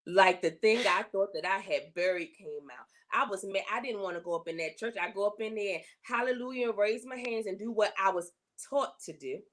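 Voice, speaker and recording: Woman sharing her faith testimony, earnest and emotional, goes higher when she pleads. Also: a little fast, few pauses, a bit bright, slight background noise. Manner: earnest, emotional storytelling with repetition; rises in pitch when voicing her complaints to God. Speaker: interview guest.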